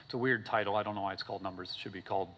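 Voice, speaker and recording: A man preaching a sermon in a casual, animated storytelling way, often checking in with "okay?" and "right?". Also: rapid-fire, muffled recording, a little hiss or hum. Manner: animated storytelling, acting out characters with big pitch swings. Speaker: pastor. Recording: long hall reverb.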